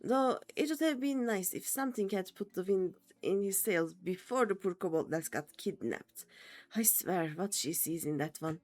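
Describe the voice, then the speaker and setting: A woman's voice: medium pitch, normal speed, darkish tone, soft background music, natural voice. A woman voicing a weary, worldly-wise female adventurer in a dry tone. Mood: wry.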